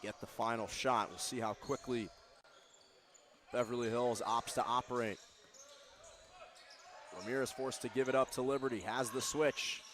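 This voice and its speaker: A man giving live basketball play-by-play, calling plays quickly and shouting on the big moments. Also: medium pitch, steady tone. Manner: rapid calls that rise to shouts on big plays. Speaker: play-by-play announcer.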